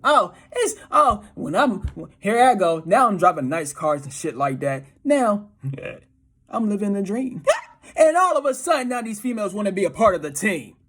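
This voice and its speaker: A man's voice: sits high, big pitch swings, normal speed, a bit bright. A man talking casually about dating in a profane, slangy, often laughing monologue. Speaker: dating advice commentator.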